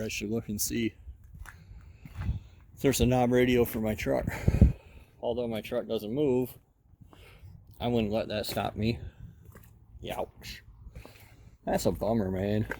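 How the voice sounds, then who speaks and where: A man's voice: fairly low pitch, creaky, warm tone, a little hiss or hum. A man giving casual walk-around commentary at an outdoor junkyard, muttering running remarks to himself as he browses. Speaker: car hobbyist vlogger.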